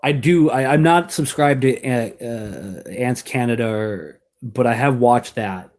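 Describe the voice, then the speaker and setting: A man's voice: medium pitch, a little slow, darkish tone. A young adult American man chatting casually on a live stream, rambling, laughing often and restarting his sentences.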